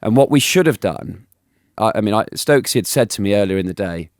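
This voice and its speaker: Lively man, low dry voice. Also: quick pace, hardly any pauses, no room sound. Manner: animated, laughing anecdotes with many restarts. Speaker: guest, former cricketer. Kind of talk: casual storytelling interview.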